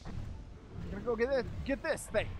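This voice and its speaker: A man doing an impression of a cheerful, naive young male martial-arts hero while commenting on a video game, goofy and excitable, yelping and shouting at it. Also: very high-pitched, moderate pace. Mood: excited. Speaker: gaming channel host. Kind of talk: let's play commentary. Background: video game music.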